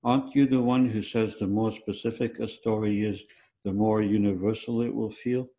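A man's voice: on the low side, fairly even intonation, normal speed, dark tone, highs cut off, lightly acted. A man voicing his teasing, blunt wife in a story he reads aloud. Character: sharp-tongued wife, middle-aged, teasing critic.

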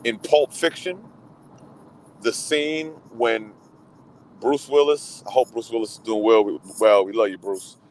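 A man hosting a radio show, chatting casually about movies and getting excitable, often repeating himself and trailing off mid-thought over a remote call. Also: lowish voice, unhurried, slight background noise, poor audio. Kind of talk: casual chat.

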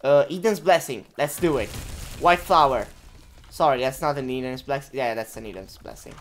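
A young woman commentating her own video game run, laughing often, swearing and reacting loudly. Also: a bass voice, normal speed, a little hiss or hum. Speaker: gameplay commentator. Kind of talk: let's play commentary.

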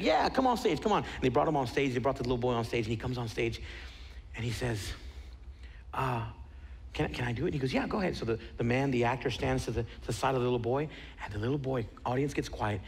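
A man preaching a sermon in a theater, telling a story with animated emphasis and dropping to a hushed, near-whispered delivery at moving moments. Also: medium pitch, vocal fry, long reverb tail, slight background noise. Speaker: pastor.

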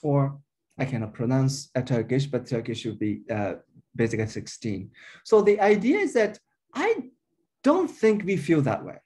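Lively, mellow-voiced man giving a linguistics lecture. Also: mid-range voice, moderate pace. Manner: explanatory, thinking aloud with frequent uh and um. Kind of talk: academic colloquium lecture.

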